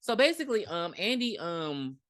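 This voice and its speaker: A woman co-hosting a podcast, recapping a movie in blunt, profane, animated casual chat. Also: fairly low pitch, moderate pace, no room sound, clean studio sound. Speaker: podcast co-host.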